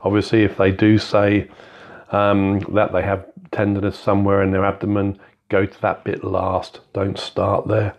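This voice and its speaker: A man's voice: lowish voice, monotone, moderate pace. A man talking through a clinical examination step by step, in a methodical, instructive way with frequent fillers. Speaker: clinical skills teacher. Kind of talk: spoken medical teaching walkthrough. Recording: dull, slightly lo-fi sound.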